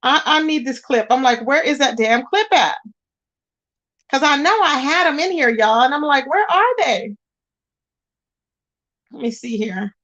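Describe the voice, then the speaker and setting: A woman's voice: high-pitched, moderate pace, a bit bright, muffled recording. A woman hosting a casual livestream, greeting viewers and chatting while she searches her screen. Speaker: livestream host.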